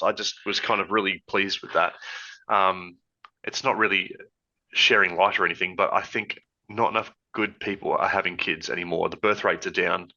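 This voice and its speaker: A man co-hosting a podcast in a relaxed, rambling chat from a hot room at home, talking through an old headset. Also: fairly low pitch. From Australia. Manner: rambling, easygoing, laughs often. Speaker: podcast co-host. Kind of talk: casual chat. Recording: lo-fi headset audio.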